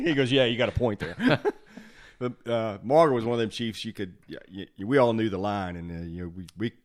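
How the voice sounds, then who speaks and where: A man hosting a podcast, a former fire officer telling old station stories in a lively way, acting out the quotes and laughing often. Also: lowish voice, brisk. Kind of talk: casual storytelling chat.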